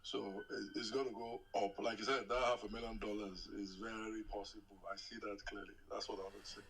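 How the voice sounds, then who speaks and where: A man calls in and speaks through an earpiece, his voice low and gravelly. He talks softly and haltingly, filling his pauses with um. The gravel stays in his voice throughout. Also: little pitch movement, distant mic, poor audio. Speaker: caller. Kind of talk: casual discussion on a call. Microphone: earpiece on a call.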